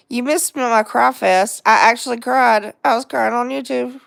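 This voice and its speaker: A middle-aged woman with a raised, gravelly voice talks unhurriedly through a casual livestream chat. She rambles from one thought to the next and laughs often. The sound is close and dry. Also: a little high, measured pace, few pauses, a bit bright, no room sound. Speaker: livestream host.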